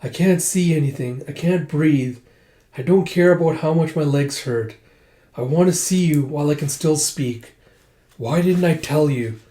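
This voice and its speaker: A man's voice: on the high side, normal speed, dark tone, roomy sound, natural voice. A man voicing a frail desperate young princess. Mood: pleading.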